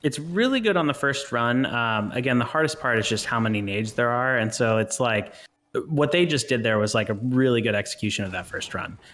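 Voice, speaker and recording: A man's voice: mid-range voice, animated, a little fast, a bit bright. A man co-hosting a live stream and commentating a competitive video game match, joking and laughing often between play-by-play.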